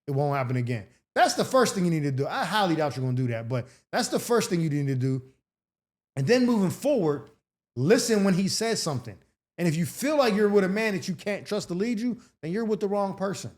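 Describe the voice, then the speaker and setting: A man hosting an advice show answers listener letters in a blunt, sarcastic rant. His talk is casual and full of slang and profanity. His voice sits high for a man. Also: sing-song, brisk, darkish tone.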